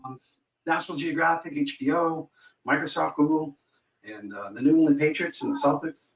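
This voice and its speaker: A man's voice: on the high side, moderate pace. A man calling in to a coaching call, chatty and self-deprecating as he tells his story. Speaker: caller, new coaching client. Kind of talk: casual conversation. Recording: echoey, dull sound from a distant mic.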